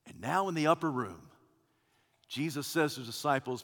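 A man preaching a sermon as pastor, swinging between loud declarations and hushed, quiet lines. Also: medium pitch, expressive, normal speed. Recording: long hall reverb.

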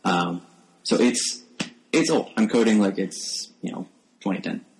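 A low-pitched man with a gravelly texture talks as a guest on a tech podcast. He speaks close to his microphone and often stumbles and restarts his sentences. He is wry and self-deprecating about his work. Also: unhurried, slight background noise, low-quality recording. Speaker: podcast guest, software developer. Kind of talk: casual tech podcast chat. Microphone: new close microphone.

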